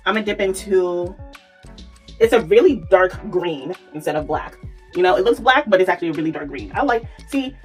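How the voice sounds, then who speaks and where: A woman chatting casually through a makeup tutorial, exclamatory and swearing freely as she works. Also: fairly low pitch. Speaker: makeup vlogger.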